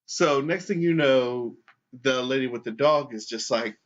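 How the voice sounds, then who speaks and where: A man with a medium-pitched voice and a slightly slow delivery co-hosts a podcast, animatedly retelling a story with plenty of profanity and impressions of those involved. The audio is dull and lo-fi.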